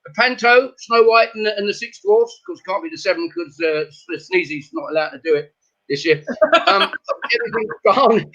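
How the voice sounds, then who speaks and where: A man's voice: high voice, lively intonation, brisk, pushed and bright, muffled recording. A man, a comedian joining a chat show over a video call, rattling off one-liners and laughing at his own jokes. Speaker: comedian guest. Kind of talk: stand-up jokes in casual chat.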